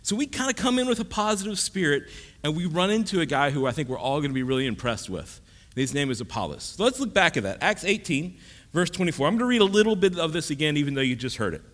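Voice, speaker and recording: A male pastor delivering a sermon, his slightly high voice swinging widely in pitch. He teaches in a relaxed, conversational way, dropping jokes and asides as he goes. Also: fast.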